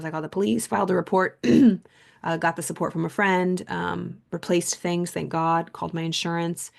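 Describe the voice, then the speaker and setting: Gravelly low-voiced woman telling a story. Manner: rambling, chatty, heavy use of "like"; earnest, reflective. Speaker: podcast host and coach. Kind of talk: casual storytelling monologue.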